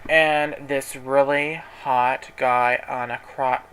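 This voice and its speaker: A man's voice: medium pitch, fairly even intonation, slow pace, fairly bright tone, clear, resonant tone, low-quality recording. A man telling a story in a casual vlog, chatty and sassy, dramatically quoting people while folding clothes at home. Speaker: vlogger. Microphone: camera in front of him.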